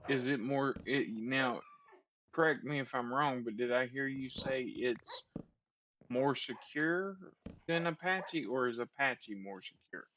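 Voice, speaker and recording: A man's voice: mid-range voice, a little slow, a bit bright, highs cut off. A man chatting casually while he plays, hosting his own gameplay video. He talks in a hesitant, rambling way, restarting his sentences, with a mid-range voice and faint noise behind him. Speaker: gameplay host. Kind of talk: casual chat while playing.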